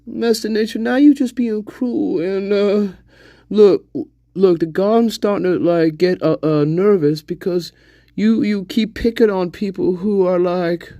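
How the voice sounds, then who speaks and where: A man playing a soft-spoken heckler who rambles and hesitates through his teasing. His pitch sits lively and high, and the sound is dry. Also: measured pace, no echo.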